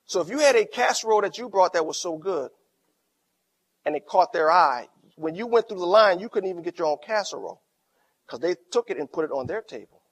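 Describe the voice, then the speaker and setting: A middle-aged man preaches as pastor in a fairly high voice. He drops to near quiet in his stories, then rises into loud, emphatic lines. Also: lively intonation, fairly quick. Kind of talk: sermon.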